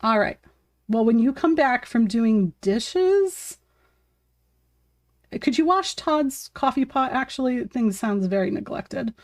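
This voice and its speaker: A woman's voice: on the high side, expressive, takes it slowly, dry recording, clean studio sound. A woman chatting casually on a live art stream while she paints at her home desk, talking to her cat and viewers and laughing often.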